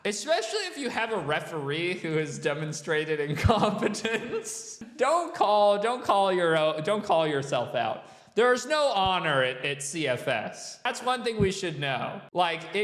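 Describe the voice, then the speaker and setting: A man's voice: high voice, a bit bright, roomy sound, big-room sound. A man hosting a reaction show, exasperated and incredulous, swearing and laughing as he picks apart a referee's calls. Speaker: host reacting to a skate video. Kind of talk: reaction commentary.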